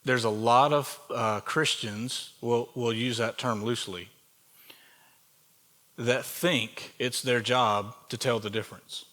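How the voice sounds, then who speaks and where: A man's voice: mid-range voice, fairly even intonation, takes it slowly, pushed and bright. A man with a Southern US accent preaching a sermon as pastor of a church, in a conversational way, asking the congregation questions as he goes. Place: church sanctuary.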